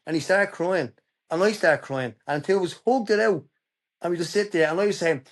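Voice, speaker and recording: A man's voice: sits high, fairly quick. An Irish man speaking as a podcast guest, telling his personal story in an earnest, emphatic way. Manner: earnest, emphatic, tells stories openly.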